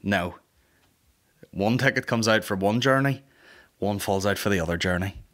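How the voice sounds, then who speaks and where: Comic host, young, low-pitched, crude, rambling anecdote style. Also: male voice, moderate pace. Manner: sweary, rambling, animated comic voices. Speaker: podcast host. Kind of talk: casual comedic storytelling.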